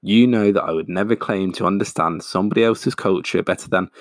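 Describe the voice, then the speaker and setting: A man's voice: deep voice, brisk, no echo, studio quality, close to an everyday voice. A man voicing an eager, overly earnest middle-aged dad who talks in an effusive, apologetic way.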